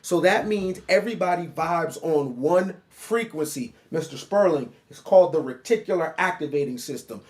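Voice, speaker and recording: A man with a high-pitched voice delivers a reaction commentary monologue. He lectures in an animated, mocking way, talking straight at the person he criticizes. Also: normal speed, few pauses. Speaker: online commentator.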